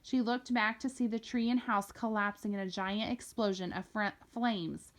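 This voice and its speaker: A woman's voice: mid-range voice, steady tone, moderate pace. Woman reading a novel aloud. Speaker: reader.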